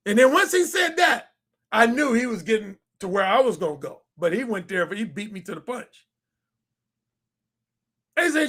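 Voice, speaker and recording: A man telling a story in a casual monologue, animated and repetitive, acting out the quotes. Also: high voice, normal speed, long pauses. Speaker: dating commentator.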